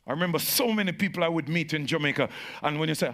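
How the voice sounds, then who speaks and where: In this clip, a man serving as pastor preaches to the congregation; his repetition is emphatic, and his delivery ranges from shouted peaks to low, slow passages.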